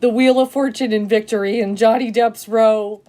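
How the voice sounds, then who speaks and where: A woman giving a casual tarot reading to camera, emotional and excitable, rambling with many fillers and frequent "okay?" checks. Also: a little high, moderate pace. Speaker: tarot reader.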